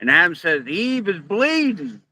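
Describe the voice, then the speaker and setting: A man telling a long joke in an earnest, deadpan drawl. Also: sits high, unhurried, a little hiss or hum, poor audio.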